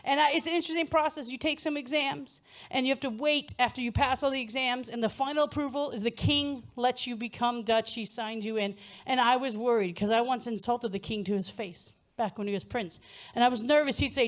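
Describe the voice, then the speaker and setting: A woman's voice: a little high, brisk, hardly any pauses. A middle-aged American woman with an American accent performing a stand-up comedy set, with a punchy, wry delivery and laughing at her own jokes. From United States. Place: comedy stage before a live audience. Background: faint audience laughter.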